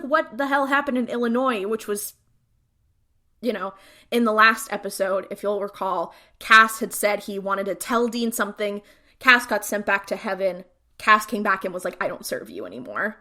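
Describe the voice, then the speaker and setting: A woman's voice: medium pitch, moderate pace, sharp tone. A woman co-hosting a podcast, chatting casually and retelling scenes with lots of fillers. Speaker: podcast co-host. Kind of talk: casual recap chat.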